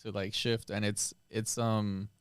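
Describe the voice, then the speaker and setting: A man's voice: lowish voice, little pitch movement, a little slow, clear, resonant tone, no room sound, clean studio sound. An American man in his thirties hosting a podcast, telling a story in laid-back, swear-heavy casual chat. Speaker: podcast host.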